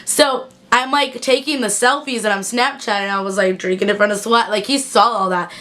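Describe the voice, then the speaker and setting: A young adult woman vlogger tells a casual story-time tale, chatty and animated, full of "like" fillers. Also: mid-range voice, brisk, background noise.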